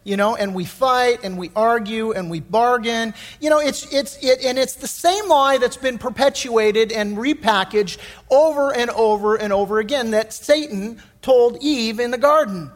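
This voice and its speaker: A middle-aged man preaching a sermon as pastor, telling stories in a folksy, animated way with many restarts. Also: very high-pitched, normal speed, long reverb tail. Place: church sanctuary.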